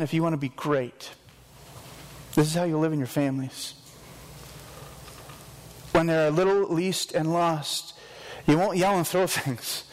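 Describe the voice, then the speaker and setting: Earnest preaching man, higher voice. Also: big-room sound, low-quality recording. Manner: earnest, conversational preaching with self-deprecating asides. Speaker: pastor. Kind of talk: sermon.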